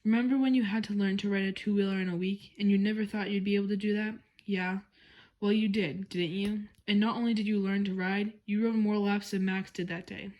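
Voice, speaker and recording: Calm encouraging storybook dad, read by a lady, patient and steady. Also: mid-range voice, fairly quick, highs cut off, natural voice. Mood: reassuring. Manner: calm, reassuring.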